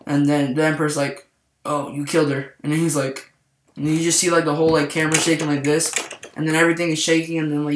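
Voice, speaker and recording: A man's voice: a little high, bright, forceful tone. A man giving a casual spoken movie review, rambling and saying "like" constantly. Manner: rambling, heavy use of "like". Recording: echoey room.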